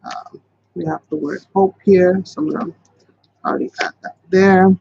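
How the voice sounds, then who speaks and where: High-voiced chatty man, dull dry lo-fi audio. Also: sing-song, moderate pace, vocal fry, darkish tone, slightly rough, no room sound. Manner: chatty, rambling, talks to viewers as "you guys". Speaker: craft channel host. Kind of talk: casual live craft tutorial.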